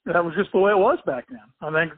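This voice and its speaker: Older man with a halting, rambling delivery. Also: sits high, no echo. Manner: halting and rambling, many restarts, chuckles as he tells. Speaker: interviewee, former swimmer and coach. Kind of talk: casual spoken recollection. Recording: tinny phone-like dry sound.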